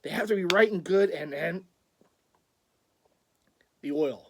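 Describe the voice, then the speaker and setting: A man talks in a casual vlog, his voice sitting high for a man. He rambles and gets excited easily, breaking into frequent laughter. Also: takes it slowly, creaky, a little hiss or hum. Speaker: vlogger.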